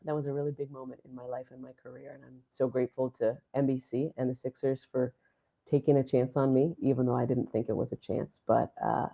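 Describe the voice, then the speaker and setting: This woman's voice is very deep with vocal fry, and the highs are cut off. A sports announcer being interviewed on a podcast, she recounts a story animatedly into a podcast microphone, acting out what each person said.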